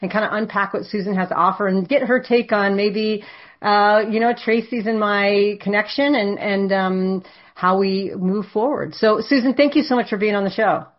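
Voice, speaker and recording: A woman's voice: mid-range voice, normal speed. A woman hosting a podcast, chatty and encouraging, with many fillers as she introduces and questions a guest. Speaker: podcast host. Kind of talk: hosting an interview. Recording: dull lo-fi recording.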